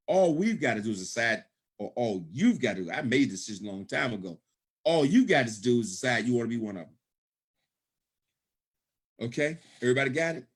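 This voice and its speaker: Pitching a business opportunity during a conference call, a middle-aged man speaks emphatically and repeats himself, checking in with "okay?" a lot. His voice is mid-range with a breathy edge.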